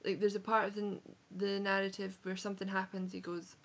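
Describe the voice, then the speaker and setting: Young Edinburgh woman, frank and chatty book vlogger, creaky edge, muffled webcam sound. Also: mid-range voice, level tone, fairly quick. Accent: Scottish, Edinburgh. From Scotland. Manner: chatty, frank, sprinkled with swearing and self-corrections. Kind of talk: casual book review vlog. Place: home room on a rainy day.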